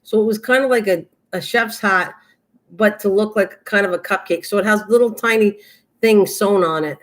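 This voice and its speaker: A woman's voice: medium pitch, normal speed. An older woman hosting a casual craft livestream, chatting in a rambling way and laughing often as she talks to viewers by name.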